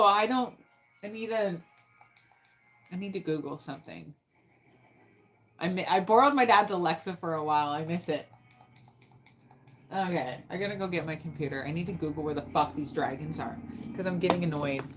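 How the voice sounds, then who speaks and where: A woman's voice: lowish voice, normal speed, pauses often. Rambling, swearing woman gamer. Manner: rambling, swears often, talks to herself. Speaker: gaming streamer. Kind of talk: casual chat while playing a game.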